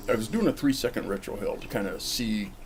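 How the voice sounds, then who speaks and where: A man with a fairly low voice rambles through a cigar review, joking and chatting straight to the camera. He's outdoors, with a faint hum of background noise behind him. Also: animated, fast. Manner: chatty, jokey, talks straight to the viewer. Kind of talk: casual rambling vlog review. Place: outdoors in the cold.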